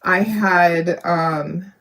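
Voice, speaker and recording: A woman's voice: on the low side, fairly even intonation, very slow, fairly bright tone. A middle-aged woman hosting a craft video, chatting casually and rambling as she paints, laughing often and talking to her viewers. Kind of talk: casual chat while painting.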